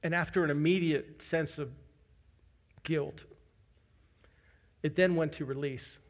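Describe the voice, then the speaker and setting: A man's voice: a little high, fairly even intonation, slow. A man preaching a sermon as the pastor of a church, telling a candid personal story with self-deprecating humor.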